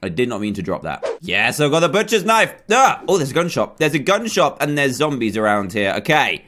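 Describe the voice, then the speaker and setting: A young man giving excitable gameplay commentary, yelping and shouting at enemies as he plays. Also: mid-range voice, a little fast. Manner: animated, yelps and shouts at enemies. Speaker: gaming YouTuber.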